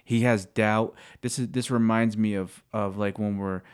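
Earnest, halting man, low voice. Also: steady tone, smooth. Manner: halting, searching for words, earnest. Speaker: co-host sharing scripture. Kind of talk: casual faith talk.

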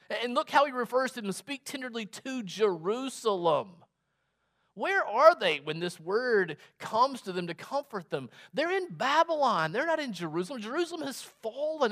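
A male pastor delivers a sermon at an unhurried, measured pace. He repeats key words for emphasis and lets his pitch rise and drop as he drives his points home. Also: fairly bright tone. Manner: slow, deliberate preaching with emphatic repetitions.

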